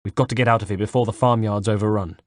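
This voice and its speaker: A man's voice: fairly low pitch, fairly even intonation, fast talker, no echo, studio quality, lightly acted. A man voicing a cunning, deceptive young swordsman in an audiobook, speaking urgently and persuasively. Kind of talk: audiobook character voice.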